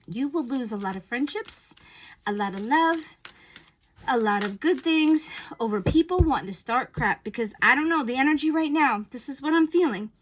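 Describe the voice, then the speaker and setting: A woman speaks in a slightly high voice, giving spiritual advice to her viewers. She talks casually and bluntly, with plenty of fillers, like she is chatting with friends. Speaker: spiritual message reader.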